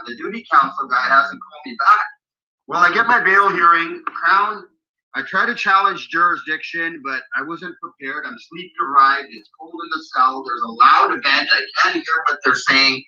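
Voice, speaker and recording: Blunt, animated man with a sharp voice. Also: fairly high pitch. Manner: animated, blunt, swears freely. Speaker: guest recounting a personal story. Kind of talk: casual storytelling. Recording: dull lo-fi audio.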